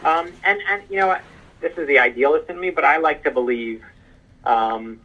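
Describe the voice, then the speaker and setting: Author guest: talkative man, fairly high and gravelly, heard on a dull, lo-fi line. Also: moderate pace. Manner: animated storyteller. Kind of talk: interview conversation. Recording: muffled phone-line sound.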